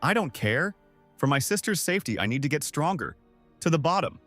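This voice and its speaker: A man voicing a determined teenage boy fighter, speaking in a raised pitch with excited exclamations. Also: brisk, soft background music. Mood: grim resolve.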